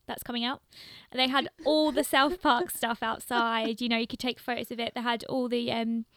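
A young woman from London chats in a broad London accent, rambling happily with plenty of "like" and quick laughs. Her voice sits a little high, bright and forward with a gravelly edge. The sound is close and dry. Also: flat delivery, no room sound. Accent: London English. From London, England. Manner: chatty, laughs often, fills with "like" and "um". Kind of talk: casual chat.

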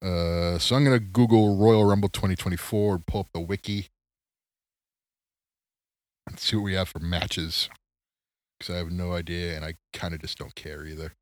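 This solo podcast host has a low-pitched voice recorded with no audible room. Chatting about sports late at night, he's tired and yawning, rambling along and mocking himself.

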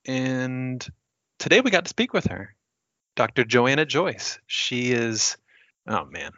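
A man's voice: mid-range voice, big pitch swings, measured pace, bright, forceful tone, no echo, lo-fi sound. A man hosting a podcast, talking in a jokey, easygoing way. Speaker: podcast host. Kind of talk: casual podcast chat.

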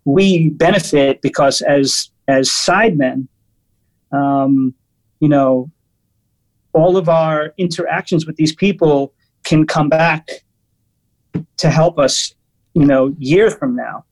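A man's voice: fairly high pitch, slow pace, pauses often, poor audio. A man, a guest musician, telling casual stories animatedly with lots of restarts. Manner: animated, restarts often, laughs through stories. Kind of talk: casual storytelling.

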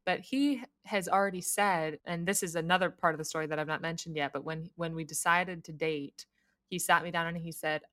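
A young woman telling her own story in a casual podcast chat, animated and laughing often. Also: fairly low pitch, fairly quick, dry recording, clean studio sound.

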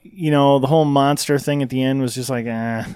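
A man's voice: mid-range voice, fairly even intonation, a little fast, darkish tone, clear, resonant tone, dry recording. A man co-hosting a casual chat show, blunt and self-mocking. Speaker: podcast co-host.

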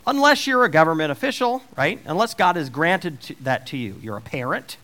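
Animated male preacher, lively pitch. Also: fairly quick. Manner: animated, voicing God's questions with rising emphasis. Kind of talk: sermon.

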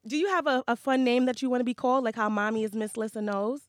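A woman in her thirties hosts her own podcast in a bright, upbeat way. Her voice sits a little high and the recording is close and dry, with no room sound. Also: fast, no room sound. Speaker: podcast host. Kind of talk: casual chat.

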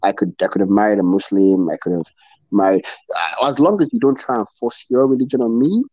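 A man's voice: on the low side, fast talker, dry recording. A middle-aged man from Nigeria, an interview guest chatting candidly, rambling with lots of restarts and swearing, in muffled lo-fi audio. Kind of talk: candid casual chat.

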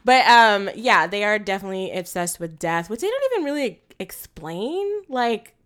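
A woman's voice: medium pitch, sing-song, moderate pace, fairly bright tone. A young woman co-hosting a casual film podcast, rambling with lots of fillers and frequent laughter. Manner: rambling, many fillers and restarts, laughs often. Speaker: podcast co-host.

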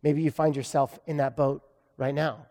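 A man's voice: a little high, level tone, normal speed, mellow, in a large hall. A man preaching a sermon in a conversational way, with self-deprecating humor. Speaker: pastor.

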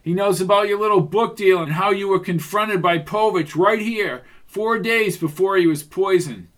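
Man as stern police detective, commanding and loud, audiobook. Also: high voice, normal speed, voice pushed up. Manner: firm and commanding. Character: gruff middle-aged male police detective.

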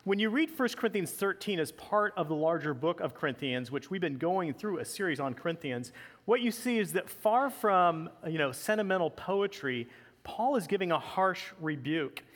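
Man, pastor, conversational sermon, slightly high voice, long hall reverb. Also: expressive, normal speed, a bit bright. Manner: conversational preaching with asides.

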